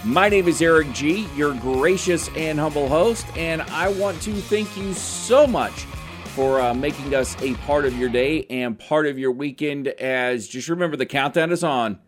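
A man's voice: a little high, measured pace, over music. Male sports podcast host, loose and rambling, whose tone can come off stern. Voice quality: can sound serious, almost angry. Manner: chatty, rambling, self-deprecating. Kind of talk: casual sports podcast talk. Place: radio station studio.

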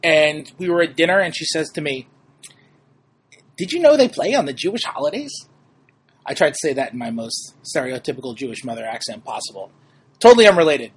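Chatty husky-voiced young man. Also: a little high, fairly bright tone. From New York. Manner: chatty, upbeat, self-deprecating asides. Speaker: podcast host. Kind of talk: casual sports podcast chat.

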